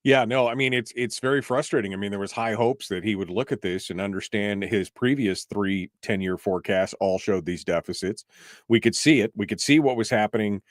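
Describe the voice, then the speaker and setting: A man's voice: lowish voice, brisk, no echo, studio quality. A man hosting a political talk radio show, exasperated and emphatic, firing off rhetorical questions.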